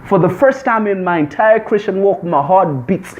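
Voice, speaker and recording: A man's voice: high-pitched, expressive, moderate pace. A man telling a personal testimony in an emphatic, repetitive storytelling manner. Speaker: testimony speaker. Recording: dull lo-fi recording.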